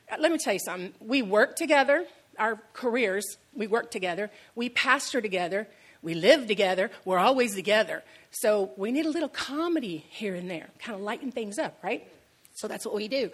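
A woman's voice: on the high side, fairly bright tone. A woman pastor giving a sermon in a conversational, storytelling way, repeating key lines for emphasis.

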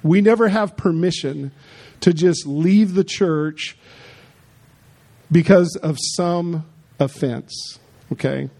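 A man delivers a sermon in a fairly high voice with a warm, mellow tone. He preaches emphatically but conversationally, repeating his points and turning to the congregation with quick asides. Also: vocal fry. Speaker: pastor.

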